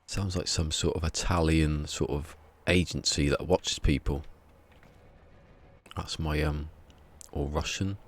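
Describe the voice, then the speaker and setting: A man's voice: very deep voice, fairly even intonation, slow. A man chatting casually on a live game stream, rambling and wry, often muttering asides to himself.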